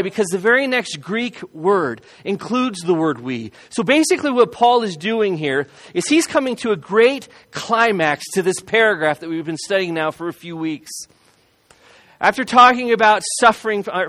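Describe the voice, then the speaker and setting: A man preaching a sermon as a pastor, earnest and emphatic, repeating key phrases and slowing down to stress them. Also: high-pitched, a bit bright.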